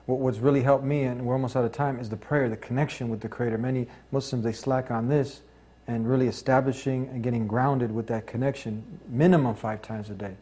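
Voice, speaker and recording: A man's voice: medium pitch, fairly even intonation, brisk, warm tone. A man hosting an interview show, earnest, asking long, leading questions. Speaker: talk show host.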